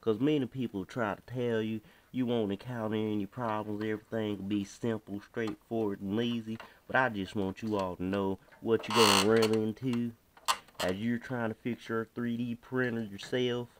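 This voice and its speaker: A man's voice: fairly low pitch, level tone, normal speed, slight background noise. A man casually talking through a hands-on repair tutorial, slangy and chatty, talking to himself as he works. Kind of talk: casual how-to narration while working.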